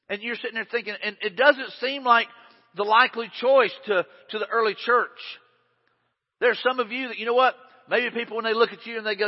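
A male pastor with a high voice delivers an emphatic, conversational sermon, often circling back and repeating phrases. He sounds like he is in a large church hall with a long tail of reverb, and the recording is dull and lo-fi. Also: moderate pace.

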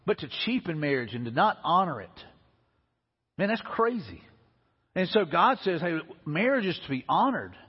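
A man's voice: fairly high pitch, sing-song, normal speed, husky. A middle-aged man, preaching a sermon as pastor in a folksy, conversational way. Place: church sanctuary. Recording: dull lo-fi audio in a reverberant hall.

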